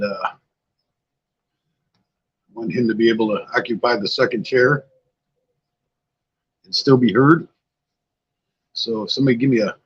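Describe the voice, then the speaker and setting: A man's voice: mid-range voice, breathy edge, muffled recording. An older man hosting a casual livestream, tired and a bit scatterbrained, chatting loosely with viewers. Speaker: livestream host. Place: outdoors-like spot at home.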